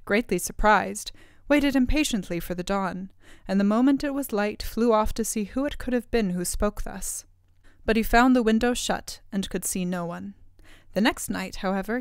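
A woman reading a classic fairy tale aloud in a measured, expressive way, close to the mic. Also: mid-range voice, clean tone, dry recording. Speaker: storyteller.

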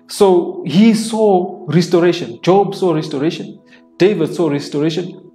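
Preacher, male, slightly high voice, plain explanatory sermon delivery, quiet worship music bed. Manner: reads scripture aloud and explains it plainly; repeats phrases for emphasis. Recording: soft worship music underneath.

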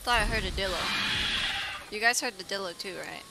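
A woman's voice: medium pitch, normal speed, gravelly, very noisy. Giggly young woman streaming a game. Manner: giggly, playful, talks to chat and friends. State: yawning. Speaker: livestreamer. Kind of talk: casual gameplay chat.

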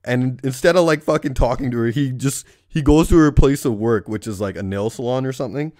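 A man's voice: mid-range voice, brisk, a little mellow, no echo. A young man rants through a movie review, swearing constantly and tagging lines with "right?". His voice sits in an average male range. The sound is dry and close, with no room around it. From Surrey, British Columbia. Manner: profane, ranting, keeps asking "right?". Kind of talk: profane comedic rant.

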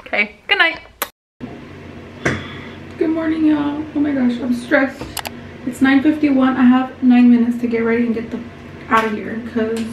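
A woman's voice: fairly high pitch, a little mellow, roomy sound, muffled recording, a little hiss or hum. A woman in her twenties chatting casually to her viewers in a vlog, loose and slangy, swearing freely. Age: 20s. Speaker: vlogger. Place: at home and around a college campus. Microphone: handheld camera.

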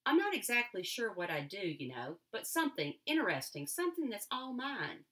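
A woman's voice: mid-range voice, very animated, brisk, bright, forceful tone. A woman voicing a restless, wistful young girl who longs for freedom, speaking in an earnest, pleading way.

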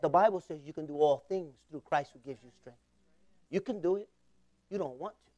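Man, 40s, pastor, high voice, fervent sermon with call-and-response. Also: brisk, long pauses, dark tone. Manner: impassioned preaching with call-and-response.

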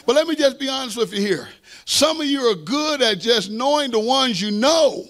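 A man's voice: extremely high pitch, animated, moderate pace, a bit bright. A man pastor preaching a sermon with fervent delivery, call-and-response asides and playful self-deprecating humor.

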